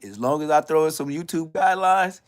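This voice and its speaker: A little fast, this Los Angeles man in his fifties uses loud, mocking street talk to roast people on a YouTube live stream. His LA accent comes through as he laughs often and jumps into high-pitched bursts.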